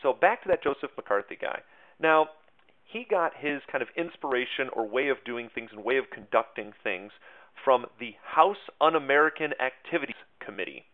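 A man talks through a history lesson in a loose, chatty way, cracking small jokes at his own expense. His voice sits at a middle pitch. The sound is thin and tinny, like a phone line. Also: expressive, moderate pace. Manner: chatty, self-deprecating jokes, many fillers. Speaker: teacher hosting a history podcast. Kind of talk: casual spoken history lesson.

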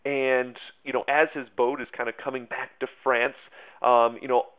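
A man's voice: mid-range voice, level tone, normal speed, clear, resonant tone. A man teaching history in a loose, conversational way, full of fillers and hedges. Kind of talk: casual history lesson. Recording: tinny phone-like sound.

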